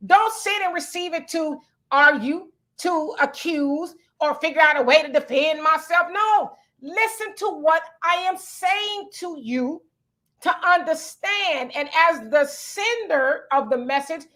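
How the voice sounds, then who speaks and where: Female talk host, very high voice, emphatic lecturing delivery. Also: animated, a little slow, pushed and bright. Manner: emphatic, lecturing, explains step by step. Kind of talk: opinion talk show commentary.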